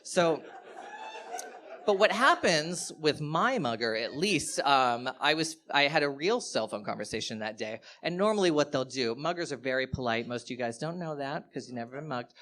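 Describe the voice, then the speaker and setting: A man performing a stand-up comedy set on stage, telling stories in an animated way and acting out the other people in them. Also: medium pitch, normal speed. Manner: animated storytelling, acting out quoted voices. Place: live comedy venue, audience laughter.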